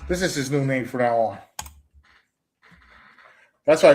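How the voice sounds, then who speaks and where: A man's voice: mid-range voice, animated, measured pace, long pauses, a little mellow. A young man ranting on a commentary stream, trash-talking with mocking jabs, stumbling restarts and repeated phrases.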